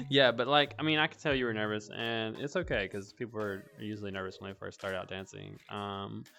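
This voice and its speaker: A man's voice: lowish voice, normal speed, creaky, pushed and bright. A man hosting a casual interview, bubbly and teasing, giggling between questions. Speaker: interview host.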